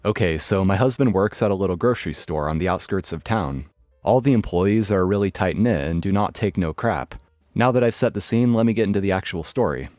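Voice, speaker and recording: A man's voice: low-pitched, expressive, fairly quick, a little mellow, dry recording. A man narrating online stories in a wry, matter-of-fact scripted style. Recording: dry studio voice with faint music. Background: faint background music.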